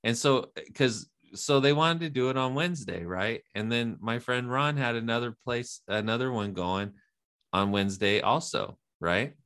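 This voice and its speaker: A man in casual chat, telling a story with lots of swearing and jumping into high-pitched quoted voices. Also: moderate pace, fairly bright tone, smooth. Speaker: podcast co-host, open mic runner.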